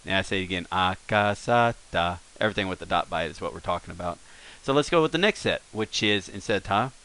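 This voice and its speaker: A man with a lowish, bright and forceful voice talks through a screen-recorded language lesson. His delivery is relaxed and unscripted, full of fillers and quick self-corrections. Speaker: language teacher.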